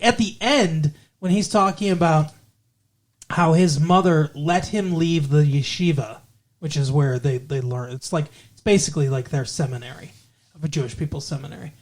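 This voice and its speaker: A man's voice: a little high, moderate pace. A man co-hosting a casual movie podcast, rambling and digressive, often correcting himself mid-sentence. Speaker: podcast co-host.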